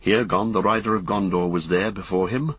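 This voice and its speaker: A man narrating a story in a measured, solemn way. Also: low voice, a bit bright, husky, no room sound, lo-fi sound. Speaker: audiobook narrator. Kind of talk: scripted narration.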